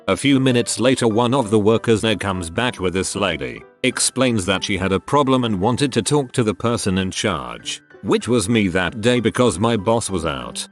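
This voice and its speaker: Male narrator, lowish voice with lively pitch swings, steady read-aloud delivery, faint music underneath. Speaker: narrator reading forum stories. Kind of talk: scripted narration.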